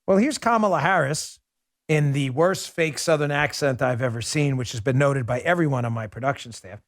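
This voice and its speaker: A man's voice: medium pitch, moderate pace, no echo, studio quality. A man hosting a political commentary show, delivering a sarcastic, mocking opinion monologue.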